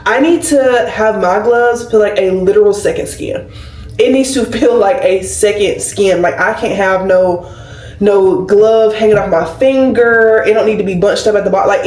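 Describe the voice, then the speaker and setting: A young woman in her twenties, a nurse, talking casually and animatedly to her camera while getting ready at home. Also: medium pitch. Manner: chatty, animated storytelling with lots of fillers. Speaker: nurse and vlogger. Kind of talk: casual vlog chat. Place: indoors at home, doing her hair. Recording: roomy and a bit distant.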